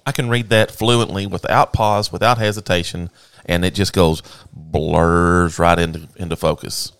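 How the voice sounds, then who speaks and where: A man's voice: low voice, steady tone, normal speed, fairly bright tone, clear, resonant tone, no room sound, studio quality. A man with a Southern US accent, co-hosting a plant channel, chatting casually and teasing with a laugh. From American South. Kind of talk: casual chat.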